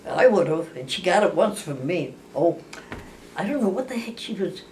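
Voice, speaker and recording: Speaking at a normal pace in a lowish, darkish voice, this older family storyteller sounds animated as she chats casually about relatives. Her telling wanders, full of restarts and self-corrections, and she performs the voices of the characters. Faint hiss sits behind the distant-mic recording.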